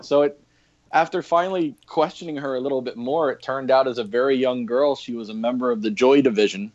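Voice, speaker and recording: Speaking fairly quickly in a mid-range, slightly mellow voice, a man guesting on a podcast tells casual, filler-laden stories in interview chat. Dull lo-fi audio.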